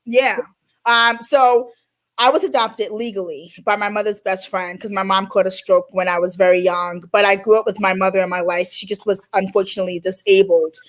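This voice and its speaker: A woman from Queens, New York, a guest life coach telling animated stories in an interview and acting out the dialogue. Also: mid-range voice, normal speed. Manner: animated, acts out quoted dialogue. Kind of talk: storytelling in an interview.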